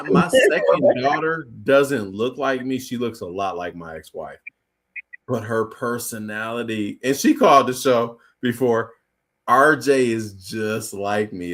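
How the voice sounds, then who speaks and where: A man's voice: medium pitch, a bit bright. A man co-hosting a casual podcast, laughing often and trading crude banter. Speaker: podcast co-host. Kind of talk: casual chat.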